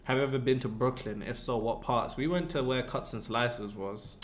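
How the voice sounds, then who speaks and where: A young British man with a Midlands accent hosting a casual livestream Q&A, relaxed and full of banter. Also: medium pitch, normal speed, slight background noise. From England. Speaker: livestream host.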